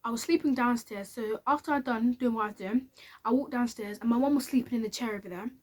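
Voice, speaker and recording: A woman's voice: fairly high pitch, fast, a little mellow. A woman telling a candid personal story to camera in a chatty, casual way. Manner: chatty and candid, with many fillers. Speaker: vlogger.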